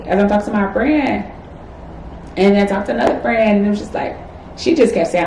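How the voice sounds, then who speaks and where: A woman's voice: mid-range voice, fairly quick, a little mellow, a little hiss or hum. A woman in her twenties, a medical student, talking candidly and reflectively in a personal vlog, encouraging herself with casual fillers. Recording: echoey room with faint ambience.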